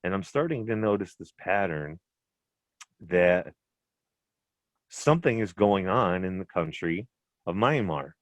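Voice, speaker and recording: Male podcast host, very low voice, dry close sound, rambling casual delivery. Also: animated, a little slow, pauses often, no room sound. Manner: rambling, swears freely, restarts sentences. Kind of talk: casual chat.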